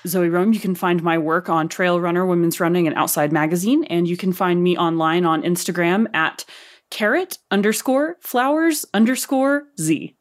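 A woman with an Arkansas accent speaks as a podcast guest in a lowish voice. She keeps her answers brief, dry and upbeat, slipping in jokes. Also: normal speed. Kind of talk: casual podcast interview.

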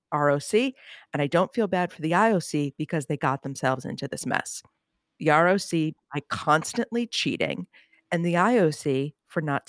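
A woman's voice: sits low, no echo, studio quality. Sarcastic woman co-host. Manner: sarcastic, opinionated commentary. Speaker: podcast co-host. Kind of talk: casual chat about Olympic news.

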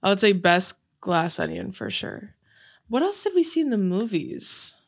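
A woman co-hosting a casual podcast, chatting quickly about movies with laughing asides. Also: mid-range voice, sing-song. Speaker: podcast co-host. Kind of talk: casual chat.

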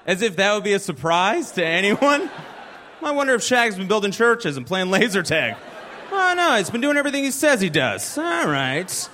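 High-voiced self-deprecating stand-up man. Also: very animated, moderate pace, pushed and bright, a little hiss or hum. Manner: self-deprecating, chatty storytelling. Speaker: stand-up comedian. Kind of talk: stand-up comedy set. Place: live comedy venue.

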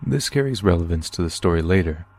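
A man narrating a submitted first-person story in a steady, measured podcast reading. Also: deep voice. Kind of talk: scripted horror story narration.

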